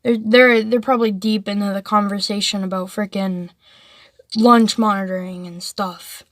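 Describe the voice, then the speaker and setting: A woman's voice: mid-range voice, steady tone, moderate pace, a little hiss or hum. A woman telling a story casually, rambling with lots of "like" and restarts.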